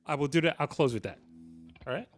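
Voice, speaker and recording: Fifties male guitarist with a slightly high voice, easygoing and jokey, telling stories live to a clinic crowd. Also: fast talker, loud music behind the voice. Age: 50s. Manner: animated, jokey anecdotes with frequent laughs. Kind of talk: casual storytelling to a live audience.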